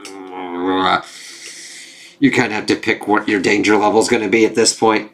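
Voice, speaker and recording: A man giving a casual spoken comic book review, animated and laughing often, swearing freely. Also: fairly low pitch, moderate pace.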